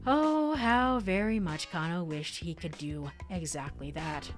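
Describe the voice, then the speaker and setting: A woman's voice: on the low side, unhurried, hardly any pauses, faint music behind. A woman streamer narrating a story game and reacting between lines with giggles. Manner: giggly, animated, reads text then reacts. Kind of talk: let's play narration and commentary.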